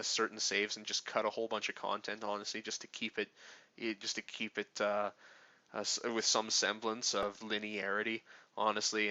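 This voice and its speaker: Profane rambling man, bright lo-fi voice. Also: lowish voice, dry recording. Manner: profane, rambling, many fillers and restarts. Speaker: game commentator. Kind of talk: casual rambling game commentary. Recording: dull lo-fi, dry sound.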